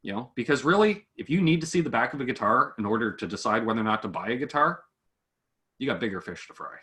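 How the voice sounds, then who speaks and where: A man chats casually about making guitar gear videos. His voice is bright and forward. He talks with animation and slips into quick impressions of the people he quotes. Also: medium pitch, lively intonation. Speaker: guitar gear demo creator. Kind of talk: casual chat between online creators.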